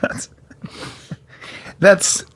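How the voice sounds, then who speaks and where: A man hosting a podcast, bantering deadpan and playing along with mock seriousness. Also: extremely slow. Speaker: podcast host.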